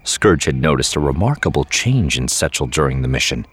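A man narrates a novel in a measured, steady storytelling voice. His voice is extremely low, with a husky grain. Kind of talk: scripted audiobook narration.

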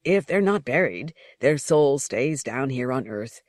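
A reader voicing a deferential male servant who acts as a guide, speaking calmly and politely. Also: medium pitch, unhurried, no room sound, clean studio sound, close to an everyday voice. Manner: calm, polite, explaining.

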